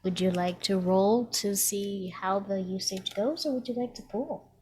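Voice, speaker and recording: A woman narrating a tabletop game as game master, measured and amused. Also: mid-range voice, darkish tone, a little hiss or hum.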